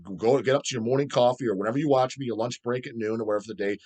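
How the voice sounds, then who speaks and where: A man's voice: mid-range voice, rapid-fire, breathy edge. A middle-aged man hosting a metal channel, ranting profanely and answering viewer questions. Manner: profane, animated, mocks people in put-on voices.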